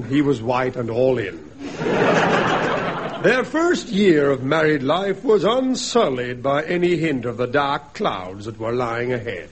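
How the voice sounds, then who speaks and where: Man narrating a comedy sketch, lively swooping voice, hammy mock-drama, noisy old recording. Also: medium pitch. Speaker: narrator and girl's father.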